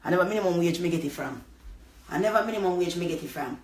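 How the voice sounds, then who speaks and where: A woman's voice: lowish voice, fast, a little hiss or hum. A woman with a Jamaican accent telling a story as a heated, profane vlog rant. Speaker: vlogger.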